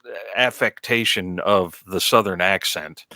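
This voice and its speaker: A man's voice: sits low, sharp tone, no room sound. A man from the American South co-hosting a podcast, discussing a film in a casual, agreeable way. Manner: agreeable, measured, chimes in often. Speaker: podcast co-host.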